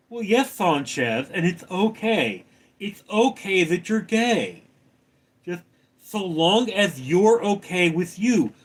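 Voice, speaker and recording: A livestream host speaks slowly in a high voice with big swings in pitch. In this casual live chat, he reads viewer comments aloud and gives them wry, joking replies.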